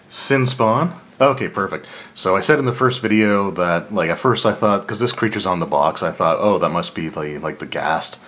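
A low-pitched man casually talks through an unboxing, reviewing game cards as a channel host, with a little hiss or hum on the audio. He stays relaxed, thinking aloud, laughing lightly, and correcting himself as he goes.

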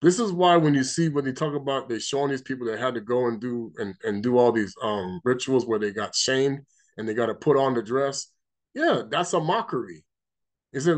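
A man's voice: mid-range voice, fairly quick. A man giving an informal spiritual teaching, emphatic and rambling, repeating himself and reading scripture aloud. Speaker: religious teacher.

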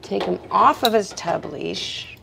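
A woman's voice: mid-range voice, slow pace, creaky, noisy background. A woman who works as a professional dog groomer, giving a chatty grooming demonstration indoors in her shop and talking both to the dog and to viewers.

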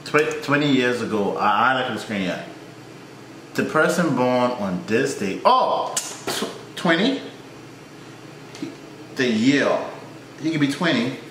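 A man's voice: medium pitch, animated, takes it slowly, long pauses, fairly bright tone. A man in his twenties reacts to a video in casual commentary, joking, swearing and talking back to the screen. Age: 20s. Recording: echoey room, faint noise.

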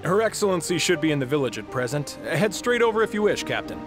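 A polite island guard gives formal directions for a fantasy video game. He talks quickly in a fairly light voice, with music behind him. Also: on the high side, sing-song.

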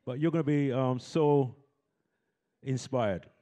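A man's voice: medium pitch, slow pace, dark tone. A man hosting a community event, coaxing the audience into call-and-response with a handheld microphone. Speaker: event host. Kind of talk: lively audience warm-up.

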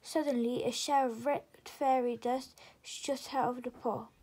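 A woman reading a children's storybook aloud in a soft, gentle, half-whispered way. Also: sits high, fairly even intonation, moderate pace, slightly rough, poor audio.

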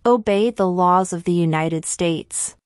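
A woman slowly reading civics test questions and answers in a measured, deliberate way. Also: on the low side, no room sound, studio quality. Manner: measured, deliberate delivery with long pauses.

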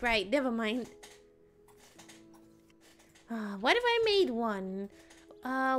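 Giggly woman streamer, high lively voice, faint music under her. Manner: playful, giggly, answering chat. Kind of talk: casual live-stream chat while gaming.

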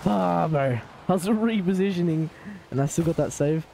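A man with an Australian accent streaming a car-ball game live, talking to chat and trash-talking opponents in excitable banter. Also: a little high, moderate pace, creaky, slight background noise. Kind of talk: live gaming commentary.

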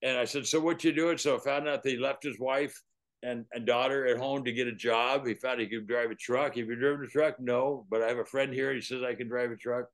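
Older man telling lively faith stories. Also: mid-range voice, a little fast. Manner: animated, laughs often while telling stories. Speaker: guest evangelist. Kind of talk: storytelling testimony.

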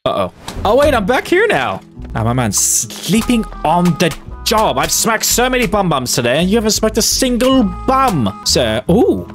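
Animated man doing game commentary. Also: high-pitched, normal speed. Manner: animated, laughing, exclaiming. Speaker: gaming video host. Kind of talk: let's play commentary. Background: game music.

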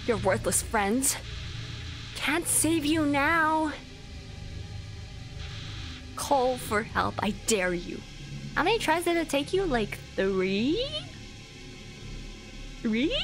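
Woman voicing a cruel, mocking flower villain, high and unhurried, game music under it. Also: big pitch swings, heavily acted. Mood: taunting. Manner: mocking, sneering, theatrical. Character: gloating evil male flower, cruel taunting.

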